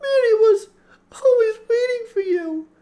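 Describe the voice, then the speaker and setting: A man voicing a fiery little girl who yells and sobs, in an audiobook reading. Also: animated, a little slow. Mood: sobbing. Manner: shrill, yelling and sobbing. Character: fiery little girl, tearful and quick to rage. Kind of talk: audiobook character voice.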